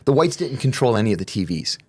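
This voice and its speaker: A man, a guest on an interview show, telling profane stories in a casual, animated way. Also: mid-range voice, fast, husky. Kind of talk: casual storytelling.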